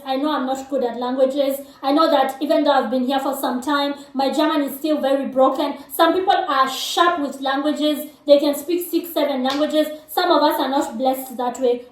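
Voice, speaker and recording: A woman from Kenya with a Kenyan accent, whose first language is Kikuyu, giving frank, direct advice to her viewers in a casual vlog. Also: sits high. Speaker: vlogger. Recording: echoey room, mic at a distance.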